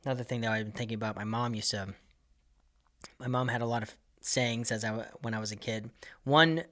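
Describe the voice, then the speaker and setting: A man's voice: mid-range voice, brisk, a bit bright. A man hosting his own comedy podcast, delivering an exasperated, profane rant as a monologue.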